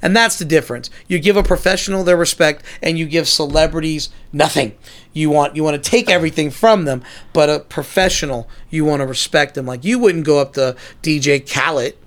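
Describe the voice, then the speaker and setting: A podcast co-host with a bright-ish voice on the high side talks fairly quickly in casual chat. He tells long, rambling stories, swears freely, and acts out the lines he quotes.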